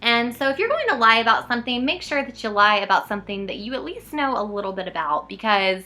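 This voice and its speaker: Bright-voiced chatty young woman vlogger. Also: a little high, quick pace, soft background music. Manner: chatty, animated, self-mocking. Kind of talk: casual storytelling vlog.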